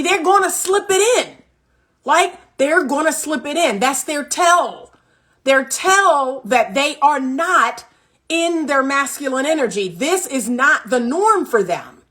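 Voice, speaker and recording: A woman dating coach giving relationship advice in a vlog, emphatic and repetitive, with animated asides. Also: high voice.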